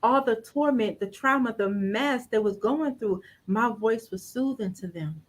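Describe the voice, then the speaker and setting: A woman coach with a high, light voice speaks in a forceful, preacherly rhythm. Her pitch sits above most women's, and she leans hard on key words when she makes a point. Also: a little slow, low-quality recording. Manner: emphatic, preacherly cadence with scripture. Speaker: personal branding coach. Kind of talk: inspirational coaching talk.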